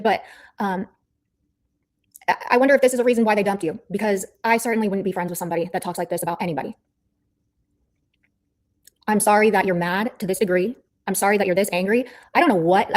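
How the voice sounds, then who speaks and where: A woman livestreamer ranting in a heated callout, blunt and profane, repeating herself as she scolds someone. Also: medium pitch. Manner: angry, blunt, profane, repetitive.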